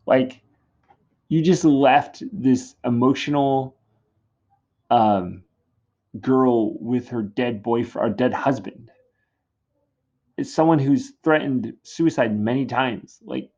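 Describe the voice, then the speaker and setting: A man's voice: mid-range voice, expressive, takes it slowly, long pauses, a little mellow, lo-fi sound. A male teacher giving a recorded literature lesson, talking casually with wry asides.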